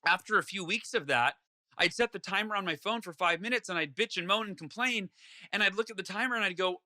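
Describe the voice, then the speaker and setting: A man's voice: high-pitched, fast talker, bright, forceful tone. A man being interviewed, speaking earnestly and acting out his own inner voice as he tells a story. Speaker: guest author. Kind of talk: conversational interview.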